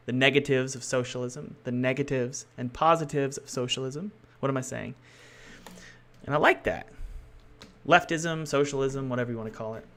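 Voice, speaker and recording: A man codes a game on stream, musing aloud and chatting loosely with viewers while frequently fixing his own sentences. He speaks with a medium pitch and a fairly bright tone.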